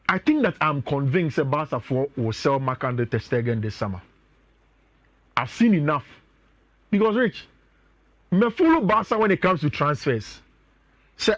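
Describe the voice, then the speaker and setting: A man's voice: high-pitched, no echo, dull audio. A man with a Ghanaian accent, talking as a sports pundit on a radio show, chatty and often addressing his co-host.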